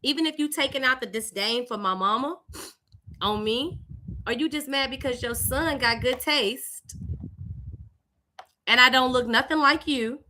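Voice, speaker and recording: A young woman from Louisiana with a Southern accent, hosting a live stream and telling a personal story in an animated, conversational way. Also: sits high, measured pace, long pauses. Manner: animated, conversational, with lively voiced greetings. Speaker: host.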